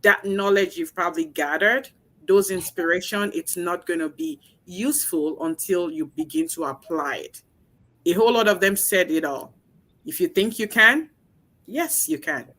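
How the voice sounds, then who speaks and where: Upbeat lady host wrapping up the show, bright sharp voice. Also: fairly low pitch, normal speed. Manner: upbeat, hands over the floor, sums up. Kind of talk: hosting a group talk show.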